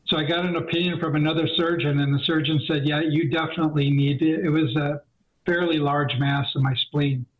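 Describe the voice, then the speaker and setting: A man's voice: fairly high pitch, steady tone, a little fast. A middle-aged man telling the story of his cancer diagnosis in an interview, acting out his talks with the doctor in quoted dialogue with many fillers. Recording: dull lo-fi audio.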